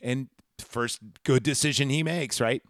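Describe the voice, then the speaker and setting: A man recapping a film on his podcast, rambling and full of fillers. His voice sits at an everyday middle pitch. The sound is close and dry. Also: a little slow, fairly bright tone, dry recording. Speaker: podcast host. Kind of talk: casual chat retelling a movie.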